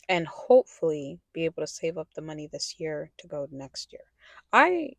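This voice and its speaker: A woman's voice: lowish voice, a little mellow, dry recording. A young adult woman talking candidly in a personal vlog, rambling and correcting herself, sometimes dropping to a whisper. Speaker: vlogger.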